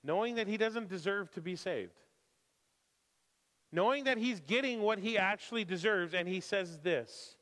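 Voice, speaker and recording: A man preaching a sermon who moves from calm scripture reading to impassioned, emphatic preaching with repeated phrases. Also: sits high, takes it slowly, long pauses. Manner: emphatic repetition. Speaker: pastor. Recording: long hall reverb.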